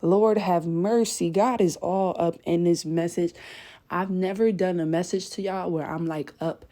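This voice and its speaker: A woman preaches to her viewers with a mellow, dark tone. She is emphatic and a bit breathless from pacing as she talks. She keeps checking in with the listener through "okay?" and "y'all". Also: on the low side, steady tone, normal speed. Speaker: spiritual content creator. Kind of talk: impassioned spiritual message to viewers. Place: indoors at home, late at night.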